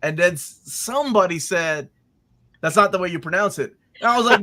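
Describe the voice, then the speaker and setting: A man hosting a casual panel chat, animated and self-mocking as he stumbles over names. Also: extremely high pitch, moderate pace. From Kentucky. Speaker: host.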